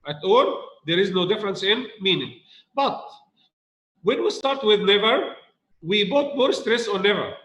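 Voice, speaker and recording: A man's voice: sits high, lively intonation, measured pace, a bit bright, echoey room, low-quality recording. A male English teacher giving a recorded grammar lesson, repeating key points and asking students rhetorical questions.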